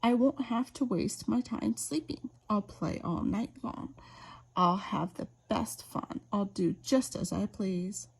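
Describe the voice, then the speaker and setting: A woman's voice: mid-range voice, slow, vocal fry, breathy edge, full character voice. A woman voicing a willful little boy chick who peeps and boasts he will stay up all night. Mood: gleeful. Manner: piping peeps, stubborn boasting.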